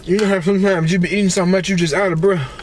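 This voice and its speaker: A man with a notably high-pitched voice, talking loosely and excitedly through a meal and a rant. He calls out and exclaims between bites in a chatty vlog manner. Faint noise hums underneath. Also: quick pace. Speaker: celebrity blogger and vlogger. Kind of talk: casual rant while eating on camera.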